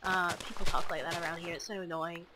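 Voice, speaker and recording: A woman's voice: fairly low pitch, fairly even intonation, fast talker, very noisy. A young woman chatting to camera in a scattered, rambling way, full of fillers and restarts. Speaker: vlogger. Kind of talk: rambling casual chat.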